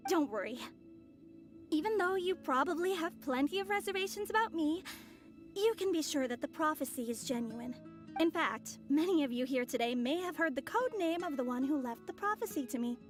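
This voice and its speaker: A woman voicing a courteous and mysterious female envoy in a video game, polite and measured. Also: high voice, animated. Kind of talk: game voice acting. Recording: game audio with faint music.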